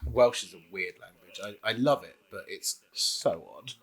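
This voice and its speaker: A man's voice: lowish voice, measured pace, rough recording. Playful young man chatting over gameplay. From Southwest England. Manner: playful, sings and laughs along. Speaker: gaming co-host. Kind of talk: casual let's-play chat.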